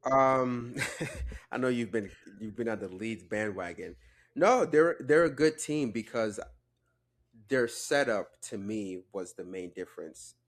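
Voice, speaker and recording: A man co-hosting a football podcast, giving relaxed, measured opinions in casual chat. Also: fairly low pitch. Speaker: podcast co-host.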